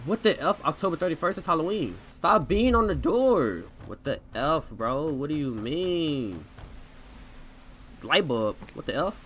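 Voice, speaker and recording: A young man giving live commentary on a video game he is playing, with slangy reactions and sudden loud outbursts. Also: a little high, big pitch swings, measured pace, slight background noise. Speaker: gaming streamer. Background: loud game music with plucked guitar.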